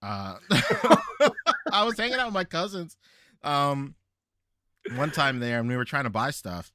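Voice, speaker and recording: A Filipino American man hosting a podcast, telling stories in an animated way with frequent laughs. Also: mid-range voice, a little slow, slight background noise. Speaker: podcast host. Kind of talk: casual chat.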